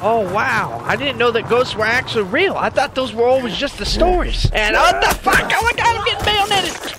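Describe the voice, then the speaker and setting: A man commentating his own gameplay, excitable and swearing a lot between jokes. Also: very high voice, normal speed, background noise. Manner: excitable, profane, joking. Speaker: gaming video creator. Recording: loud gunfire game audio behind.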